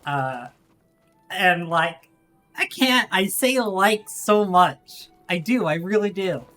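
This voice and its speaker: A woman's voice: mid-range voice, lively intonation, takes it slowly, a bit bright, soft background music. A woman streamer putting on a Texas accent, rambling and swearing in a drawl through gaming livestream commentary. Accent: put-on Texas.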